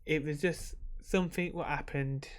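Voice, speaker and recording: A man's voice: fairly high pitch, fairly even intonation, moderate pace. A man talking to camera in a casual, rambling vlog, emotional and swearing freely while he drinks. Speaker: vlogger.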